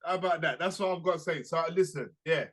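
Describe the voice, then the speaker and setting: A young man, co-hosting a podcast and telling a school story in a casual, slangy, animated way. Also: on the high side, fast. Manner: animated, acts out quoted voices, slangy. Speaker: podcast co-host.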